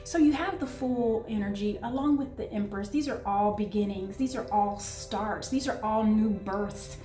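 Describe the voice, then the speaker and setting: A woman giving an excitable, gushing tarot reading, talking straight to her viewers. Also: medium pitch, normal speed, reverberant, faint music behind. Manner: excitable, gushing, breathless asides. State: out of breath. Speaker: tarot reader.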